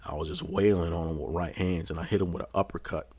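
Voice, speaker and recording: A man's voice: deep voice, steady tone, fast, dark tone, breathy edge, no room sound. A man hosting a podcast, telling a story in a casual, rambling way full of swearing. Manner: profane, rambling. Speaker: podcast host.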